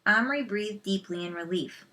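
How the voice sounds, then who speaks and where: A woman reading a children's novel aloud, slow and measured, with soft asides to listeners. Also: medium pitch. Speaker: storyteller.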